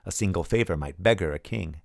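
A man narrating an audiobook in the first person, in an even storytelling manner. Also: deep voice, brisk, vocal fry, no room sound, clean studio sound.

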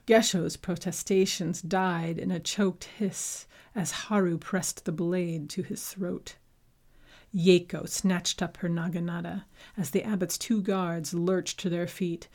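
A woman reading a story aloud as narrator, with a measured, unhurried delivery. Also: on the low side, a little mellow. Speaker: audiobook narrator. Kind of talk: scripted narration.

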